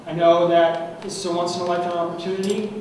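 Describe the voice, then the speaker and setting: A young man with a high voice gives an award acceptance speech, heartfelt and halting. He sounds emotional, and he is heard from a distance in a large, echoing banquet hall with a steady hum of noise around him. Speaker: award recipient. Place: large banquet room at an annual meeting. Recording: echoey hall from far off, noisy.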